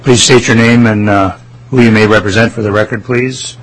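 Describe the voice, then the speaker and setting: A man chairing a legislative committee hearing, calling testifiers in a brisk, courteous way. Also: fairly low pitch, steady tone, low-quality recording.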